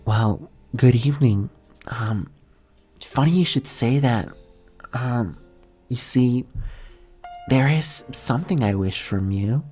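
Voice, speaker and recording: A man's voice: medium pitch, slow, long pauses, dark tone, husky, soft background music, voice pushed up. A man voicing a timid young vampire pony mare who hesitates and hums "um" between her words. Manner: hesitant, full of ums.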